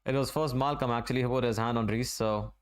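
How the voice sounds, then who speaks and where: A man from Asia calls a football match live for his stream, talking through the play in an unhurried, conversational way. His voice is smooth and resonant and sits at an ordinary middle pitch. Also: fairly even intonation. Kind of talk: live match watch-along commentary.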